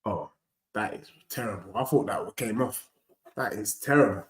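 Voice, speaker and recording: A young man, hosting a live football watchalong, bantering in slang and reacting loudly to the play. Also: on the low side, moderate pace, echoey room. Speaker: fan channel host.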